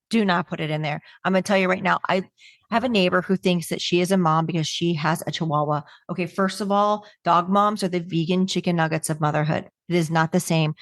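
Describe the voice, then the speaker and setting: Middle-aged woman speaker, lowish voice, punchy comic timing, dry recording. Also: brisk, dry recording. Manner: brash, joking, punchy delivery with acted-out quotes. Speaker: webinar speaker on humor. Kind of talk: stand-up style comedic talk.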